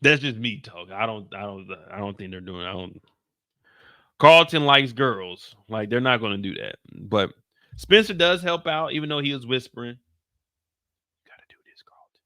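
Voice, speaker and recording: A man hosting a casual TV recap, talking in an animated, slangy and joking way. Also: mid-range voice, normal speed, no echo, clean studio sound. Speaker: show host.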